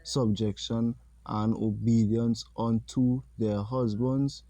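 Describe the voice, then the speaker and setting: A man teaching a religious lesson, reading scripture slowly and deliberately and pausing to comment. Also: medium pitch, level tone, mellow, slight background noise.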